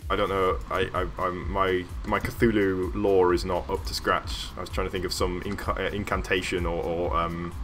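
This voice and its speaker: A man's voice: low-pitched, level tone, normal speed, hardly any pauses, a bit bright, faint music behind. A man with a Yorkshire accent talking casually while he works on a landscape during a live stream, rambling with lots of fillers and small laughs. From Yorkshire, northern England. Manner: rambling, self-amused, many fillers.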